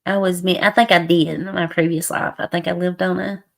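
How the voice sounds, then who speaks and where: A hoarse middle-aged woman, hosting a casual livestream chat with viewers and laughing often. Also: on the low side, little pitch movement, a little fast. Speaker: livestream host.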